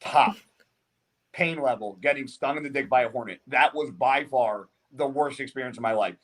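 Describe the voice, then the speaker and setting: A young man, a guest on a podcast, tells a story in a casual, profane, animated way and often laughs mid-sentence. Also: medium pitch, normal speed. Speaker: guest, professional bodybuilder.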